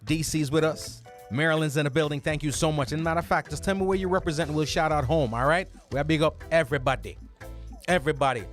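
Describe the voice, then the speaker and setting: A man with a Jamaican accent hosting a radio and podcast show, energetically rattling off greetings and shout-outs to listeners. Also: on the high side, quick pace, soft background music.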